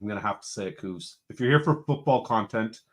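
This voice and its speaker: Talking fast in a lowish voice, this man runs a relaxed live stream from home, sitting in a room with a computer. One by one, he cheerfully welcomes the viewers in chat.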